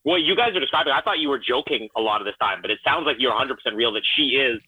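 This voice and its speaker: A man's voice: medium pitch, animated, rapid-fire, husky. A man joining a casual chat remotely, easygoing and dryly joking. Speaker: remote guest. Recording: tinny phone line.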